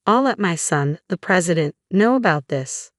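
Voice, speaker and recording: A man's voice: high voice, animated, normal speed, a bit bright, no room sound, studio quality. A woman reading the part of a stern elderly company chairman who scolds firmly. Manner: firm, reproachful.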